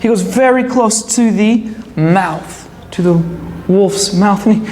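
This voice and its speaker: A woman teaching English to young learners, telling a story slowly and explaining each word as she goes. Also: mid-range voice, darkish tone. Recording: echoey hall with faint ambient noise.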